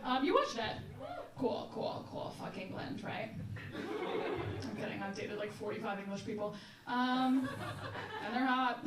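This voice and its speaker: A young woman doing stand-up crowd work, brash and quick, laughing between jokes. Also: on the high side. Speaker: stand-up comedian. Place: comedy club stage before a live audience. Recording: roomy live mic from a distance, loud crowd.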